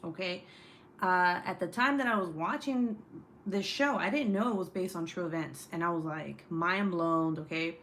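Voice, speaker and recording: A woman's voice: fairly low pitch, normal speed, fairly bright tone. A young woman hosts a loose, chatty true crime livestream from her home desk. She swears freely and reads viewer comments aloud in an offhand way. A faint hiss sits under her voice. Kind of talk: casual livestream chat. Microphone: desk setup, phone or webcam.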